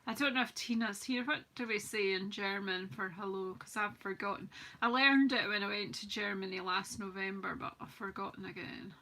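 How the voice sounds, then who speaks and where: Bright chatty woman crafter. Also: mid-range voice, fairly even intonation, normal speed, hardly any pauses. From United Kingdom. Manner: chatty and self-mocking, greets viewers from the comments. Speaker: craft demonstrator hosting a live stream. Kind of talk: live crafting demonstration, casual chat.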